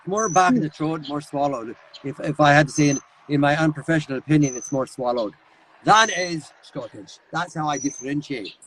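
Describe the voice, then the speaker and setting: A man talking as a guest voice actor in a casual interview, animated and quick to slip into voices. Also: a little high, slight background noise, poor audio.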